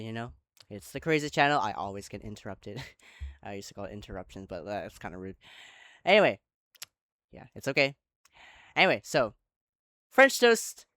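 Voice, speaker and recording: A chatty host rambles through a casual story retelling, often stopping to correct themselves and talk to viewers. The voice is smooth and clear and the pitch is very lively. The sound is close and dry. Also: no room sound. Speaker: channel host. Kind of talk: casual retelling of an online roleplay.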